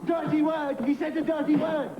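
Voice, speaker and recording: A panicked charades player who shouts his clues in a very high, strained voice. He speaks slowly and from a distance, in an echoey space. Loud noise covers the old soundtrack. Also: completely flat delivery, lo-fi sound. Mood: frantic. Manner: frantic shouting. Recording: echoey, noisy film soundtrack from afar.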